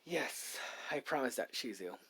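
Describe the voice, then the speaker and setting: A kind young man reborn as a slime, tender toward his friends and quick to get flustered. He stammers and hesitates, with a lot of filler words. A man plays him in a near-ordinary voice in a casual spoken fan story. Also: medium pitch, animated, a bit bright, husky.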